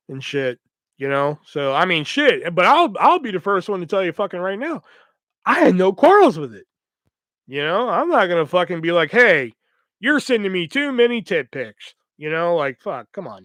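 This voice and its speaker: A podcast host with a fairly high, slightly bright voice tells a rambling story in casual chat, recorded dry. He swears constantly and fills his talk with fillers.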